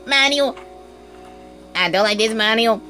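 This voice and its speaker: Luigi from a woman, high and scared. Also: unhurried, bright, forceful tone, soft background music. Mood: uneasy. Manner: whimpering, pleading cries. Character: frightened male plumber hero calling for his brother.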